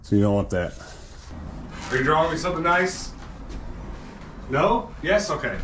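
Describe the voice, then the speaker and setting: A man's voice: on the high side, big pitch swings, moderate pace, fairly bright tone, a little hiss or hum. A man chatting casually in a home vlog, talking to camera and to a small child as he sets up game gear. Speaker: vlogger.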